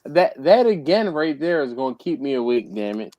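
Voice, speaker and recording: A man's voice: fairly high pitch, big pitch swings, normal speed, dark tone, no room sound. A man hosting a casual group chat over a video call, laid-back and joking, repeating himself. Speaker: livestream host.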